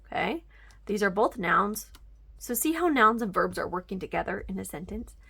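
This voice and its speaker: Woman teaching grammar, gravelly edge to her voice, patient step-by-step explanations, some words dropped almost to a whisper. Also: mid-range voice, animated, normal speed, a bit bright. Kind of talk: homeschool grammar lesson.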